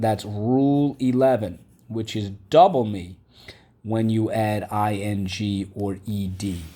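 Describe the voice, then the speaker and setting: Slow, low-voiced male teacher. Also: warm tone. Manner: patient, repeats words and asks the class to echo them. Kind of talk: vocabulary and phonics lesson.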